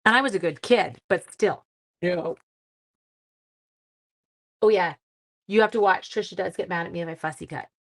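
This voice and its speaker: A middle-aged woman hosting a casual live craft class, chatty and quick to laugh at herself. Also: fairly low pitch.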